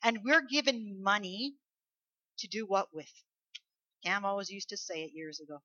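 A woman's voice: mid-range voice, measured pace, bright, forceful tone, no room sound. A woman preacher giving a sermon, talking emphatically and conversationally and asking the congregation rhetorical questions. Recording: dull lo-fi recording.

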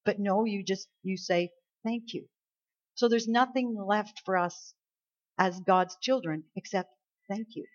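A woman's voice: mid-range voice, unhurried. A woman pastor from Canada preaching a sermon, emphatic and full of rhetorical questions. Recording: slightly dull lo-fi sound.

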